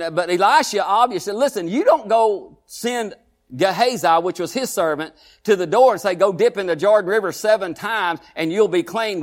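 A pastor preaching a sermon, drawing the congregation in with repeated asides and questions. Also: male voice, high-pitched. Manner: preaching with call-and-response asides, repeated "huh?" and "listen".

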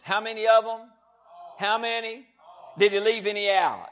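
A man preaching a sermon, repeating his points with emphasis and reading scripture slowly and deliberately. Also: high-pitched, steady tone, a bit bright. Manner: emphatic, repetitive, reads scripture slowly with stress.

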